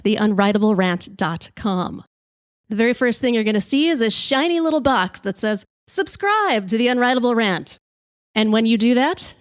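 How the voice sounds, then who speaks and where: A woman podcast host telling a comic story in a lively, brash way, swearing freely. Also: mid-range voice, dry recording, studio quality.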